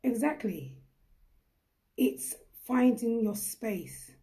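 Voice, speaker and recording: Young woman, host, deep mellow tone, live chat with viewers, emphatic and encouraging. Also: lively intonation, very slow.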